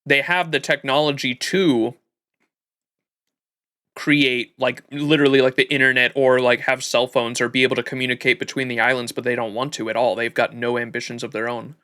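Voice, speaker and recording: A man's voice: mid-range voice, little pitch movement, normal speed, bright, forceful tone. Casual, laughing male gaming streamer. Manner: casual, laughing, reads dialogue aloud. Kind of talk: live game playthrough commentary.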